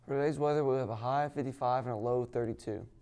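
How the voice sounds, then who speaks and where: A man reading news items in a steady read-aloud manner as an anchor. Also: medium pitch, rapid-fire, smooth.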